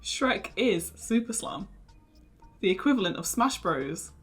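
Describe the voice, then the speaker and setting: A woman's voice: mid-range voice, expressive, unhurried, faint music behind. Giggly woman reading out garbled text. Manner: giggly, stumbling over the garbled lines. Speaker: host. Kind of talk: casual comedy chat, reading garbled text aloud.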